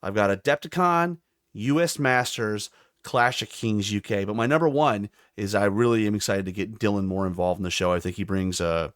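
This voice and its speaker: A man's voice: on the low side, normal speed, no room sound, clean studio sound. A man hosting a podcast, chatting enthusiastically and reading listener responses aloud. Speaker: podcast host. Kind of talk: casual chat.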